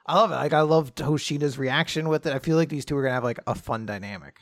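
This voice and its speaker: A man's voice: mid-range voice, quick pace, dry recording, studio quality. A man co-hosting a podcast who chats enthusiastically and swears casually. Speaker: podcast co-host. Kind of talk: casual chat.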